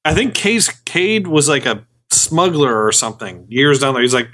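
A man co-hosting a podcast, chatting casually and recalling facts with loose, halting phrasing. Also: medium pitch, very animated, fairly bright tone. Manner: loose, hesitant recall with fillers. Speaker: podcast co-host. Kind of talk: casual chat.

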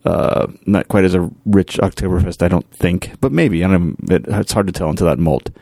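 A man's voice: deep voice, moderate pace, creaky, mellow, no room sound, studio quality. A man hosting a podcast, giving a casual, rambling update and thinking aloud as he goes. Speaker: podcast host, home brewer.

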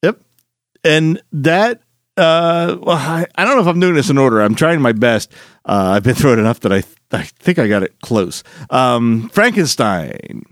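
A man's voice: medium pitch, animated, normal speed, dry recording, clean studio sound. A man co-hosting a podcast, chatting casually and enthusiastically with some swearing. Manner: enthusiastic, profane fan talk. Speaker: podcast co-host. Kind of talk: casual chat.

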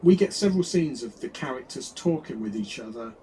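A man's voice: medium pitch, animated, a little fast, mellow, slight background noise, poor audio. A man co-hosting a podcast, rambling and wry in casual chat about an old episode. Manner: rambling, chatty, many restarts and wry asides. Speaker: podcast co-host.

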